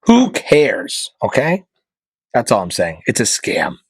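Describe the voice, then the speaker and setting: A man hosting his own podcast, delivering an opinionated comedic rant, swinging from loud emphatic punchlines to low muttered asides. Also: wildly swooping pitch, takes it slowly, slightly rough, dry recording, rough recording. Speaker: podcast host.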